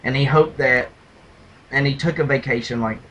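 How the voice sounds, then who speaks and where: A man co-hosting a casual podcast, retelling and mocking movie scenes with animated delivery and loud impressions. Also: medium pitch, moderate pace, a little hiss or hum, rough recording. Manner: animated storyteller, mimics lines in a loud gravelly shout. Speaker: podcast co-host. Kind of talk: casual movie review chat.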